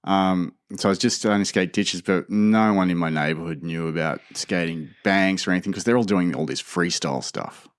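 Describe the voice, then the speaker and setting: A man in his fifties with an Australian accent, telling lively stories as a podcast guest with many restarts. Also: sits low, fairly quick, few pauses, dry recording, studio quality. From Sydney, Australia. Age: 50s. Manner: animated, full of restarts and laughter. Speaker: podcast guest, skater and skatepark designer. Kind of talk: casual storytelling.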